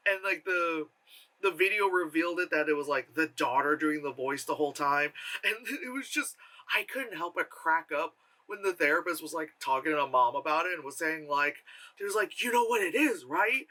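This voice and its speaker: A man's voice: a little high, moderate pace, bright, forceful tone. A man giving a casual, rambling film review with sarcastic asides and lots of fillers. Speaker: movie reviewer.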